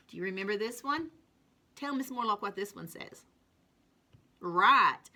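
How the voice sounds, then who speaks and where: A woman teaching a kindergarten phonics lesson, patient and encouraging, drawing out each sound slowly and clearly. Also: mid-range voice, big pitch swings, sharp tone. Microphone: recorded alone at home for distance learning.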